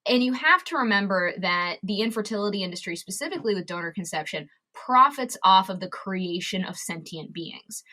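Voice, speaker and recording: Lively, bright-voiced young woman. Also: mid-range voice, brisk, hardly any pauses. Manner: excitable, swears freely, breaks into loud ranting voices. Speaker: podcast guest, comedian. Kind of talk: animated casual conversation.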